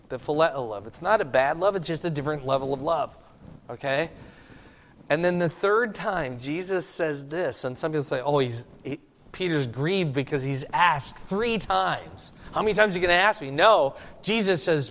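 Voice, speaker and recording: A man's voice: a little high, lively intonation, unhurried, fairly bright tone. A man teaching a classroom Bible lesson, often checking in with his listeners by asking "okay?". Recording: long reverb of a hall.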